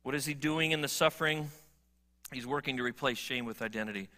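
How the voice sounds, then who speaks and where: A middle-aged male pastor preaching a sermon, earnest and swinging from emphatic appeals to quiet, low moments. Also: a little fast.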